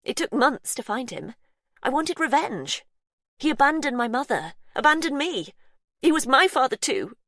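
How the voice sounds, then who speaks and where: A woman's voice: high-pitched, very animated, moderate pace, fairly bright tone, no room sound, clean studio sound, voice pushed up, heavily acted. A woman voicing a cornered, vengeful woman, bitter and wounded, with a shaky confessional way of talking.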